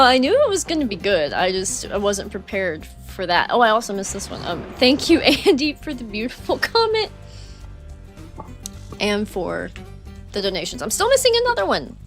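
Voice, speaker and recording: A chatty woman streamer talks to her chat while she plays, her voice lively and rising and falling a lot. She rambles with plenty of ums and gushes warmly over viewers' comments, with faint music behind her. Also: medium pitch, moderate pace. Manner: chatty, rambling, frequent fillers, reads chat aloud; warm and effusive toward viewers. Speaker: gaming streamer. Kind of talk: casual live-stream chat while playing.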